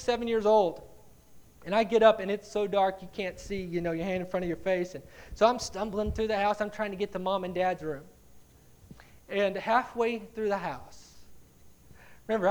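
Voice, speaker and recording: An animated male preacher with a high voice tells stories in a sermon. He swings from quiet asides to loud, dramatic cries and repeats words as he builds up a point.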